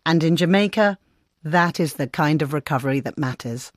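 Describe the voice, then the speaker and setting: A woman correspondent narrating a scripted radio report in a measured, descriptive way. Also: low-pitched, no room sound, clean studio sound. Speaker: foreign correspondent.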